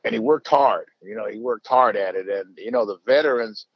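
A man's voice: lowish voice, brisk, no room sound, dull audio. An older man telling baseball stories in a rambling, casual way, full of fillers and restarts. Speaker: baseball manager, interview guest. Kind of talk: casual storytelling.

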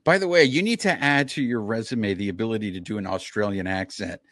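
A man's voice: on the low side, a little fast, a bit bright, dry recording, clean studio sound. A man hosting a podcast, asking long, enthusiastic, rambling questions in a casual chat. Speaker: podcast host.

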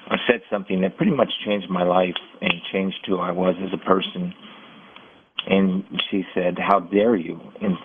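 A middle-aged man telling personal stories in an interview, earnest and halting, often restarting his sentences. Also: deep voice, creaky, slight background noise. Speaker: guest, former football player. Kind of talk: candid interview storytelling. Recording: tinny phone-like audio.

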